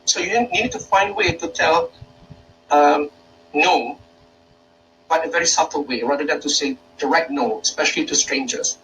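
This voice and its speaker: A man's voice: fairly high pitch, normal speed, a bit bright, far from the mic, a little hiss or hum, rough recording. A Malaysian man, a university lecturer, giving an informal workshop talk in a hesitant way, with many fillers and restarts.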